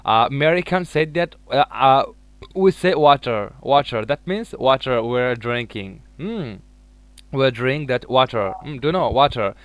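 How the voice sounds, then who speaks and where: A man's voice: mid-range voice, lively intonation, measured pace, fairly bright tone, no room sound. A man chatting casually in English as a learner, hesitant, with many fillers and frequent laughs. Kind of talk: casual chat in second-language English.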